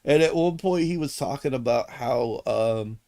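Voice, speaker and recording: A man's voice: mid-range voice, a little slow, dark tone. A man hosting a livestream, talking in a blunt, opinionated and emphatic way in casual chat. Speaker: streamer host.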